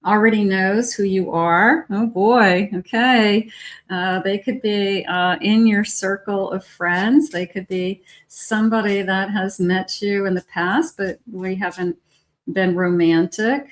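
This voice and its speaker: A woman's voice: medium pitch, steady tone, slow. Woman tarot reader, casual and chatty, muses aloud between cards. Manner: chatty, thinks aloud while reading cards.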